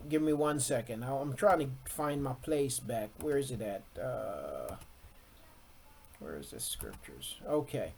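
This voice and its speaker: A Bible teacher leading a scripture lesson, repeating key words for emphasis and often checking in with "okay?". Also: medium pitch. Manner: slow and deliberate, with frequent "okay?" check-ins.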